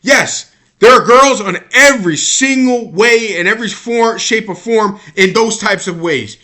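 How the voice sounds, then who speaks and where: An American man delivers a rambling, exasperated monologue rant on sports opinions, often repeating and restarting his words. His voice is high with a sharp tone, at a measured pace.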